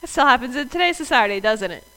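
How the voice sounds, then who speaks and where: A woman's voice: a little high, animated, fast talker, pushed and bright, poor audio. A woman preacher, preaching a sermon in a conversational way and talking straight to the congregation. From US South. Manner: conversational, addresses the congregation directly.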